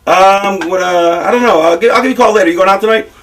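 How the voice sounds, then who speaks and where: High-voiced man telling rambling, profane stories. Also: fast, distant mic. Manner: rambling, profane, animated storytelling. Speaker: pro wrestler giving a shoot interview. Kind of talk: candid storytelling interview.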